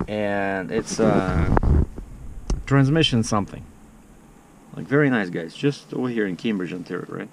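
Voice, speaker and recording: A man's voice: lowish voice, expressive, measured pace, gravelly, long pauses, background noise. Chatty man telling a story on camera. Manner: chatty, filler-heavy, acts out the other people's lines in dialogue. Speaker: vlogger.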